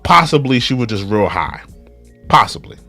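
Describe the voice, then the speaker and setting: Animated young man asking rhetorical questions. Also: fairly low pitch, normal speed, no echo, faint music behind. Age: young adult. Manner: animated, repeats rhetorical questions, reads viewer comments aloud. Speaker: reaction video host. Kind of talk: casual live commentary.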